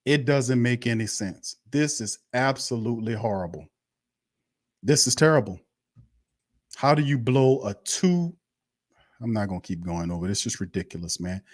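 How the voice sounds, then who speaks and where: A man's voice: medium pitch, animated, normal speed, long pauses, no echo, clean studio sound. A man hosting a live sports stream, ranting bluntly and profanely, repeating himself in heated bursts. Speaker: sports show host.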